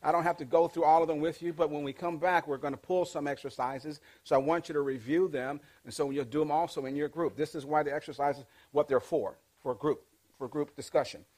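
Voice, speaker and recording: A man teaching a leadership class, energetic and interactive, calling out questions and pushing the audience to answer back. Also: on the high side, brisk. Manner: energetic, call-and-response with the audience.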